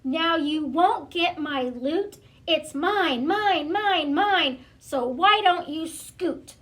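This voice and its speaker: A woman's voice: very high voice, expressive, very slow, heavily acted. A woman voicing a greedy, selfish male pug dog who stubbornly refuses to share, in a storybook read-aloud. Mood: gloating. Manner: possessive, stubborn, shouting.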